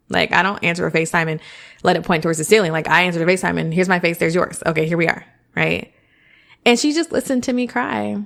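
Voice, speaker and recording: A woman's voice: lowish voice, creaky, a bit bright. A woman hosting a podcast, giving frank, chatty advice and often checking in with the listener. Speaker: podcast host. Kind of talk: casual advice monologue.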